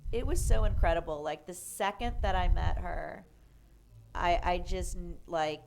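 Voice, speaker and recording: Lower-voiced woman telling a rambling story. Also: a little slow, creaky, a little hiss or hum. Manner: animated, filler-heavy storytelling with frequent "like" and "you know". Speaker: comedian guest. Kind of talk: casual storytelling interview.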